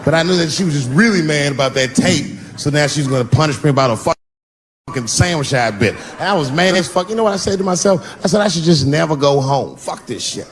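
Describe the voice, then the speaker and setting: A man telling stand-up stories on stage, animated, swinging between shouts and low mutters. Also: fast, some chatter behind. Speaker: stand-up comedian. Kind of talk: stand-up storytelling. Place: stage before a live audience. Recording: live stage recording with background noise.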